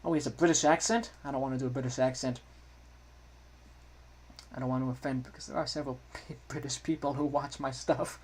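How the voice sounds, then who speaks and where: A man giving chatty, self-correcting commentary while playing through a game, quickly getting excited. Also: mid-range voice, breathy edge. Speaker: gaming video creator. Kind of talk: let's play commentary.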